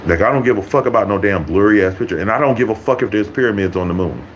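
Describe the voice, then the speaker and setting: A man's voice: fairly low pitch, expressive, fast talker, slight background noise, poor audio. A man ranting to his YouTube viewers, blunt and mocking, swearing constantly. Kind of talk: profane ranting vlog.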